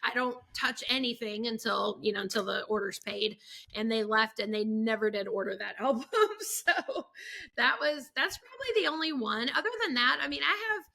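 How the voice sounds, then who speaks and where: Bright, chatty woman photographer. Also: fairly high pitch, moderate pace, vocal fry. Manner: chatty storyteller, acts out quotes, many fillers. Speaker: photographer guest. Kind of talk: casual podcast chat.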